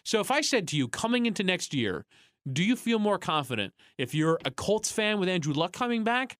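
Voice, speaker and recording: A man's voice: sits high, big pitch swings, a bit bright, dry recording, studio quality. A man hosting a sports talk radio show, chatting casually and often restarting his sentences. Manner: chatty, quick restarts and repeats.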